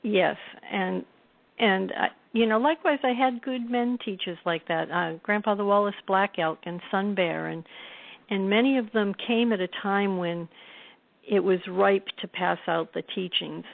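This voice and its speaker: A woman's voice: mid-range voice, a little slow, creaky. A middle-aged woman, a guest author, telling reflective stories in a conversational interview. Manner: reflective, warm-toned storytelling with soft laughs. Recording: tinny phone-line audio.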